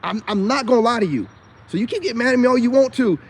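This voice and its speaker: A vlogger with an extremely high-pitched, expressive voice talks fast to his camera over a little hiss or hum. He rambles and teases in slang, croons flirty asides, and keeps saying "you know what I'm saying."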